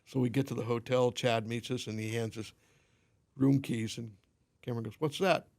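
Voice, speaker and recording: A man chatting as a podcast guest, spinning anecdotes in an easygoing way. His voice sits at an everyday middle pitch. He slips into the voices of the people in his stories as he goes. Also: normal speed, creaky. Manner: animated storyteller, acts out quoted dialogue. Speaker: podcast guest, limo company owner. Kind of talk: casual anecdote telling.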